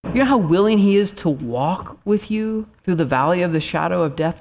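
A man's voice: sits high, sing-song, normal speed, a little mellow. A man in his thirties, a pastor preaching an earnest sermon and telling a family story, rising at times to fervent appeals.

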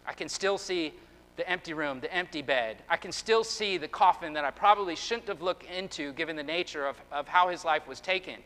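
Man, pastor, sermon, earnest, halting restarts, bright, reverberant church hall. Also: a little high, clear, resonant tone.

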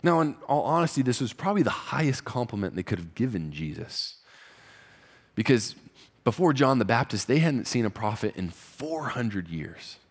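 A man preaching a conversational sermon as pastor, rising in pitch and volume for emphasis. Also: big pitch swings, normal speed, husky.

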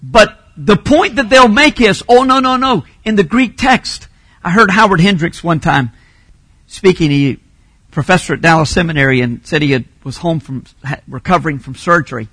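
A man preaching a sermon as a pastor, teaching Bible points and rising to emphatic shouts on key phrases. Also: fairly high pitch, normal speed, slightly rough, no room sound.

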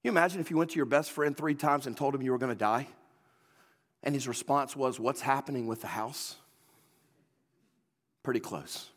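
A man's voice: mid-range voice, steady tone, a little fast. A man preaching a sermon in an emphatic, folksy, repetitive way. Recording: long hall reverb.

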